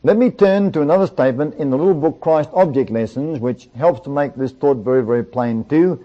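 A man delivers a sermon in an earnest, emphatic way. His voice sits a little high, and he reads passages aloud and puts rhetorical questions to his listeners. The recording sounds dull and lo-fi. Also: brisk, mellow. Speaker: preacher. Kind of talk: sermon reading from books.

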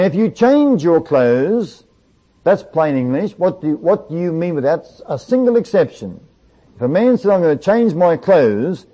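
A man delivers a sermon in an earnest, emphatic way. His voice sits a little high, and he reads passages aloud and puts rhetorical questions to his listeners. The recording sounds dull and lo-fi. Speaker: preacher. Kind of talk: sermon reading from books.

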